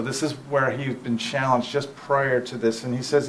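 A man preaching a sermon in a relaxed, conversational manner, often turning to the listeners to check they follow. His voice sits at an ordinary middle pitch. There is a faint hiss of noise in the background. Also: poor audio. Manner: reads scripture aloud slowly and with feeling.

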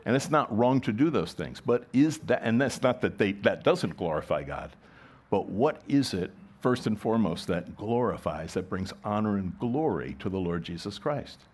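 A middle-aged pastor preaching a sermon, his voice sitting a little low. He talks to the congregation the way he would in conversation, asking questions, restarting his sentences and circling back to his point. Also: lively intonation, normal speed, a little mellow, husky.

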